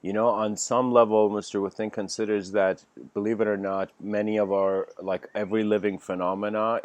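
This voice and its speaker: A man's voice: deep voice, vocal fry. A man giving a casual livestreamed spiritual lecture, telling a story in a rambling way with many fillers and restarts. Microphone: home livestream mic.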